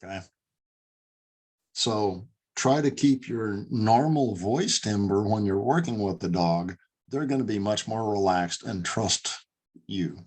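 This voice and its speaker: A man's voice: lowish voice, takes it slowly, a little mellow, breathy edge. A man teaching an online class on dog handling, speaking emphatically over a video call. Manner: emphatic, demonstrates voice tones. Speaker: dog trainer and instructor.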